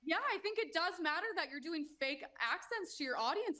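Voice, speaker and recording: Woman commentator, bright sharp voice, a bit high, indignant and emphatic, keeps restarting. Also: big pitch swings, brisk, few pauses. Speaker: commentator guest. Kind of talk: opinionated commentary chat.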